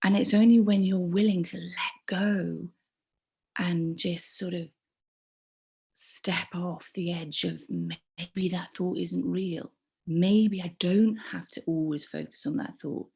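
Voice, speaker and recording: Husky woman with a gravelly low voice. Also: steady tone. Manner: halting, rambling, with many restarts and soft whispered asides. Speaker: community group member. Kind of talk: personal storytelling.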